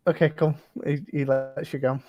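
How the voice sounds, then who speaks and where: A game master narrating a tabletop game, halting and heavy on fillers. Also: medium pitch, little pitch movement, highs cut off.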